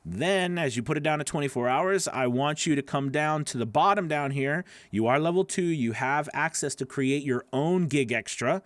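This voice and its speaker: A man's voice: fairly high pitch, moderate pace, hardly any pauses, no echo. A man coaching voice-over freelancers, critiquing their gig pages live in a casual, encouraging way, repeating himself with many fillers, from home.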